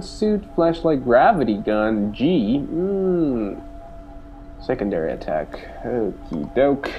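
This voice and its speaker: A man's voice: mid-range voice, creaky, dull audio. A young man giving goofy, boastful let's play commentary, whooping and cheering as he plays. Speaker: gamer. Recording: game sounds and engine noise behind.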